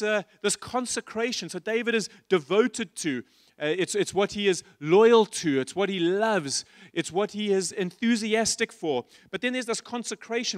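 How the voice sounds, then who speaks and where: A man preaching a sermon as pastor, passionately asking the congregation repeated questions and dropping to quiet asides. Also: dry recording, clean studio sound. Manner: shifts between loud emphasis and soft, low asides. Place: church stage.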